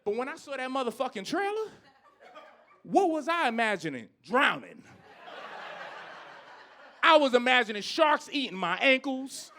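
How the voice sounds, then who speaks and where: On a comedy club stage, a thirty-something man performs stand-up, his rant punctuated by loud outbursts and quiet, low asides.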